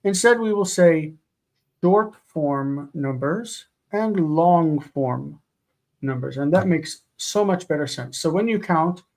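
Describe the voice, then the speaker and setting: A man teaching a live online grammar lesson, explaining patiently and slowing down to spell out forms. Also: fairly high pitch, expressive.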